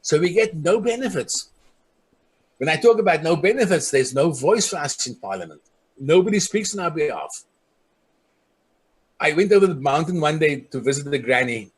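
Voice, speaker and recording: A community leader speaking earnestly, recounting his people's hardships and acting out the voices of those he quotes. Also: husky. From South Africa. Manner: earnest, acts out the voices of people he quotes, drops soft and low on grave points. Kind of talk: personal storytelling speech.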